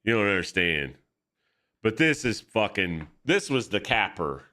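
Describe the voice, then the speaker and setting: A man chatting casually while drawing at his art desk, excitable, profane and rambling. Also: lowish voice, measured pace. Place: home art desk with camera setup.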